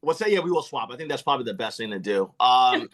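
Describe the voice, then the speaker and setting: A man's voice: mid-range voice, animated, quick pace, fairly bright tone. A man hosting a podcast, chatting with a guest in an enthusiastic, effusive, self-deprecating way. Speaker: podcast host. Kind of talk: casual interview chat.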